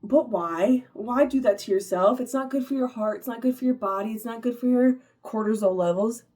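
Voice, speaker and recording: A woman's voice: fairly high pitch, fairly quick, dark tone. A woman, giving a casual, upbeat motivational talk to her viewers, full of "like" fillers and laughter. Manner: chatty, upbeat, many "like" fillers, laughs often. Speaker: vlogger.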